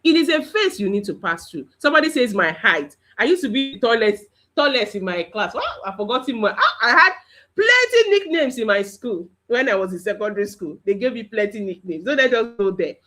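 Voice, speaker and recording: A woman's voice: on the high side, big pitch swings, a little fast, fairly bright tone. A Nigerian woman coaching children in a livestreamed talk, speaking emphatically and repeating lines for them to echo. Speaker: kids coach.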